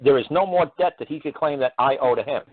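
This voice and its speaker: A man's voice: a little high, fast talker. A man hosting a call-in radio show, explaining in a plainspoken, rambling way that stumbles and repeats words. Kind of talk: casual call-in radio talk. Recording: dry, tinny phone-like radio audio.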